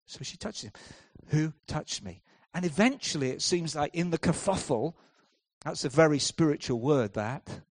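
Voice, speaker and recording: A man delivers a sermon in a fairly high voice, recorded dry and close. He swings from hushed, drawn-out lines to loud, driving bursts. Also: expressive, dry recording. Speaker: preacher.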